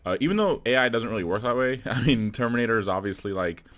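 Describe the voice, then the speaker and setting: A man's voice: mid-range voice, expressive, quick pace, a bit bright. A man talking casually to camera about a film, rambling with many fillers and restarts and chuckling between remarks. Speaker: video creator. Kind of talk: casual movie commentary.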